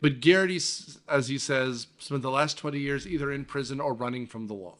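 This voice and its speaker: A man hosting a casual movie-review podcast, retelling the plot with lively, swearing energy. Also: mid-range voice, a little fast. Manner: animated, swearing, acts out scenes. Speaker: podcast host.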